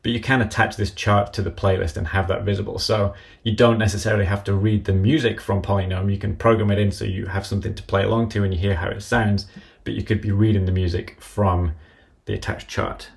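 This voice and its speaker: A man with a low, gravelly voice gives a live-streamed software tutorial. He works at his computer and talks methodically through each step as he goes. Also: fairly even intonation, a little fast, few pauses. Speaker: app developer demonstrating software.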